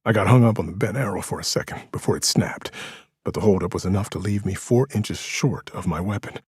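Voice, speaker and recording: A man's voice: fairly low pitch, a little fast, a little mellow, slightly rough, no room sound, studio quality. A man narrating a first-person thriller audiobook in a tense, dramatic manner.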